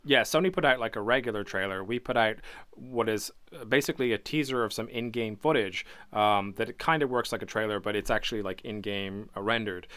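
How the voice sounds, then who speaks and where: A man's voice: lowish voice, brisk, a bit bright. A man co-hosting a casual gaming news podcast, talking in loose rambling sentences full of fillers and restarts. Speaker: podcast co-host. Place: home basement studio.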